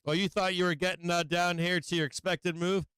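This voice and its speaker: A man hosting a live stock market stream from his home office, swearing constantly and talking in an agitated, rapid-fire way. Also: sits high, flat delivery, a bit bright, clear, resonant tone, dry recording. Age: adult with children. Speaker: stock market livestream host. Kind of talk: live market commentary to viewers.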